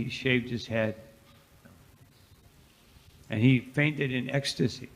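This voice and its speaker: A man, a monk, giving a devotional scripture class as a lively storyteller with frequent asides. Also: medium pitch. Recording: reverberant hall.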